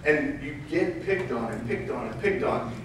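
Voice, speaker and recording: A man giving a motivational keynote, telling lively anecdotes and acting out dialogue with laughter. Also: medium pitch, normal speed, slight background noise. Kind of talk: storytelling keynote talk. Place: large event hall. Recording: echoey hall from far off.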